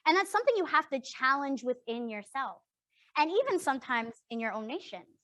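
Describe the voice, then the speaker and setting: امرأة شابة من كندا تقدّم ورشة عمل تفاعلية بصوت مرتفع قليلًا، تتحدث بجدية وحماس وتسأل كثيرًا "صح؟"، والتسجيل جاف بلا صدى تقريبًا. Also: female voice, sits high, big pitch swings, fairly quick, a bit bright, no echo. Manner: earnest, emphatic, often checks in with "right?". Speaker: workshop facilitator. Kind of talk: interactive workshop talk.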